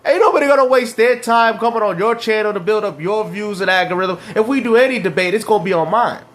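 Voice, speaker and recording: A man's voice: sits high, fast, a bit bright. A man reacting to clips and ranting about video games, mocking and slangy, laughing at his rivals. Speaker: gaming commentator.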